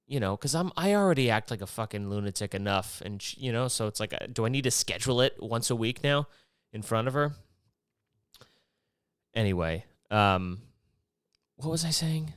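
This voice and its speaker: A man from Maryland hosts a casual solo podcast, rambling, swearing, and jumping between topics. His fairly low voice has a fairly bright, clean tone, recorded at studio quality with no room sound.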